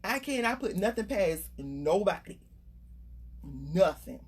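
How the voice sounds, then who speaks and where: A woman's voice: medium pitch, sing-song, slow, slightly rough. A middle-aged woman coach giving casual, emphatic motivational talk about staying unbothered. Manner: earnest, conversational, emphatic. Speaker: life coach.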